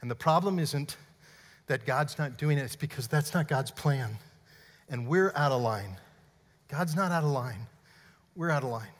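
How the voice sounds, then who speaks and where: Energetic pastor in a reverberant hall. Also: male voice, on the high side. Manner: energetic, playful, demonstrating on stage. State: out of breath. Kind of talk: sermon. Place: church hall.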